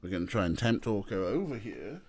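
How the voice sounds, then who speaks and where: A man chatting casually on a livestream, often cooing at his cats in a high sing-song voice. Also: very animated, fairly quick, a little mellow, husky. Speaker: streamer.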